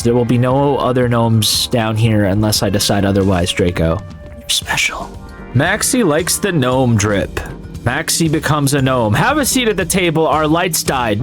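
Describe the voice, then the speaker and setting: A man talks casually over his gameplay in an ordinary mid-range voice, joking with his viewers. Now and then he breaks into loud yelps of excitement. Faint game music plays in the background. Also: medium pitch. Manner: upbeat and jokey, bursts into loud yelps. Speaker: gaming video host.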